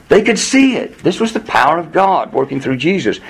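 A man's voice: mid-range voice, sing-song, fairly quick, husky, rough recording. Man teaching a conversational Bible study. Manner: conversational, reads verses and explains them.

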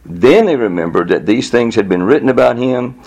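A man preaching a Bible teaching in a conversational, animated way, often chuckling and repeating words as he goes. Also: mid-range voice, brisk, gravelly. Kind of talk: sermon teaching.

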